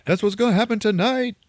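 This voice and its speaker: A man doing a brash yelling party DJ. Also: sits high, no echo, studio quality, voice pushed up. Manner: yelling, rowdy hype-man delivery. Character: brash loud male party DJ.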